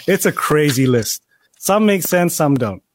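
A man's voice: fairly high pitch, lively intonation, measured pace, dry recording. A man co-hosting a film reaction chat, making sarcastic, joking remarks about the scenes.

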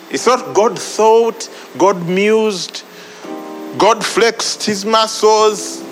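A man's voice: high-pitched, sharp tone, long reverb tail, rough recording. A man preaching a sermon, repeating phrases for emphasis. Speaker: pastor.

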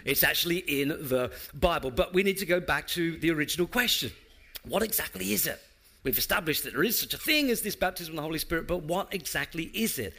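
Bright-voiced male preacher. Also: fairly high pitch, expressive, a little fast. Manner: earnest, addresses congregation directly, rhetorical questions. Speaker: preaching pastor. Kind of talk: sermon with scripture reading and prayer. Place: church.

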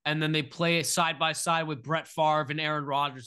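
A man's voice: on the high side, steady tone, normal speed, pushed and bright, clean tone. A young man co-hosting a sports podcast, talking casually, nervous and stammering, often repeating himself. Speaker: podcast co-host.

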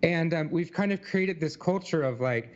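A man's voice: on the high side, normal speed. Brief: male podcast co-host, casual rambling talk, slightly muffled lo-fi sound. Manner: rambling, many likes and you knows. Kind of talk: casual chat.

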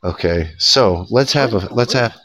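A man with a low voice holds forth on a casual talk podcast. He rants with sarcasm and lots of swearing, and his pitch jumps up when he gets worked up. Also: measured pace, slight background noise. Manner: profane, sarcastic, animated ranting with laughs. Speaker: podcast co-host. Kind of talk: casual political podcast rant.

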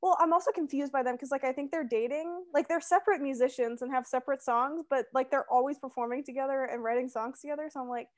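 A woman's voice: sits high, quick pace, hardly any pauses. A young woman in casual chat, talking in a chatty, insistent way full of fillers.

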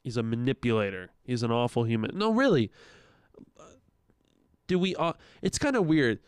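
A young man with a smooth, resonant voice tells animated stories on a casual podcast, acting out the people in them. He swears freely, and the sound is dry and close with no room echo. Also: medium pitch, normal speed. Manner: animated storytelling, acts out quoted voices, swears a lot. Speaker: podcast co-host.

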